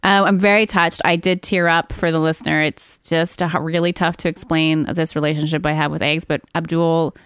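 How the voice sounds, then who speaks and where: Female podcast co-host, lively and giggly, slightly low voice, dry close mic. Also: moderate pace, hardly any pauses, smooth, no echo. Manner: animated, laughing, frequent "like". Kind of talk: casual chat.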